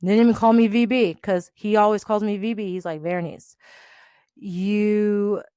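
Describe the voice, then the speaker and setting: A woman's voice: medium pitch, normal speed, clear, resonant tone, no echo. Young woman ranting about an old job, acts out everyone, no room sound. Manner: animated, quotes people in changing voices, laughs often. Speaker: podcast host. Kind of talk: storytelling rant.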